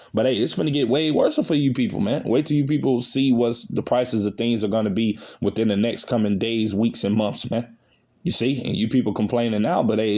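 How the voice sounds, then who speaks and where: Lecturing man preaching, lowish voice. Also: a little mellow. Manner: repeats "man" and "you see" at phrase ends; lecturing, accusatory tone toward listeners. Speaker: online preacher. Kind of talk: scolding sermon with scripture reading.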